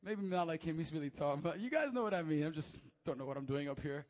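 A young man preaching a sermon from a church stage, animated and acting out the quotes as he tells the story. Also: on the high side, quick pace, hardly any pauses. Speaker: pastor. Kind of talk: lively sermon. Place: church stage before a congregation.

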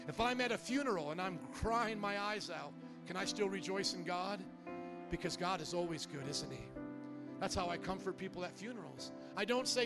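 A man preaching a sermon as pastor, asking the congregation questions and rising into loud, fervent prayer. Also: high-pitched, lively intonation, normal speed. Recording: church service audio with music behind.

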